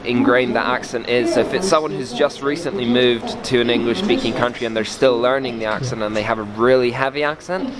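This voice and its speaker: A man's voice: mid-range voice, steady tone, fairly quick, hardly any pauses, a loud crowd. A male student answering a street interview, thoughtful and explaining at length.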